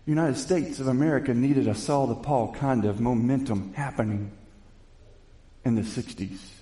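A man delivers a sermon in a warm, mellow voice with middling pitch, recorded in a roomy space with noticeable echo. He mixes Bible reading with loose, conversational retelling and builds to emphatic questions. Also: normal speed. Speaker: preacher. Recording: echoey room.

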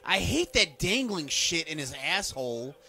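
Bright-voiced man ranting about wrestling. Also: a little high, moderate pace, gravelly. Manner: crude, ranting, animated commentary. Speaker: podcast co-host. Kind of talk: casual profane wrestling watch-along chat.

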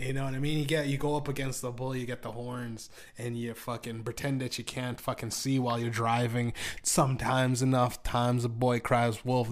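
A young man with a sore throat rambles through a solo podcast, clearing his throat now and then. He swears freely, flaring up hot and then sinking into low mutters. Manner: profane, rambling, swings from heated to mumbling. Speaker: podcast host.

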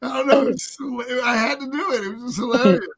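A man hosting a radio show, chatting casually and telling a story in an animated, joking way. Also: extremely high pitch, fast, a loud crowd. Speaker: radio host.

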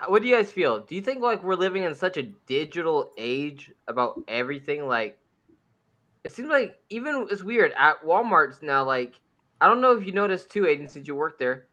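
A man's voice: on the high side, sharp tone. A man in casual group chat, rambling with lots of filler words and frequent laughter. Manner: rambling, heavy use of filler "like", laughs often.

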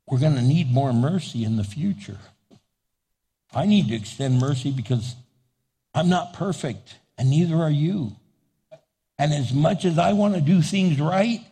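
A man's voice: on the high side, a little mellow, breathy edge. A male pastor preaching a sermon, calling out questions to the congregation. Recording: long church reverb.

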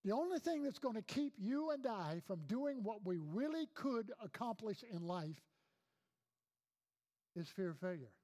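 A male pastor preaching a sermon in a noticeably high voice. He drives points home by repeating phrases and weaves in personal stories. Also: very animated, a little slow, mellow. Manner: emphatic preaching with repeated phrases and storytelling asides.

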